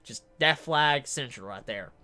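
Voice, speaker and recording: A man's voice: medium pitch, animated, unhurried, pushed and bright, clean tone. A man casually reviewing a manga chapter who gets openly worked up and swears as he talks.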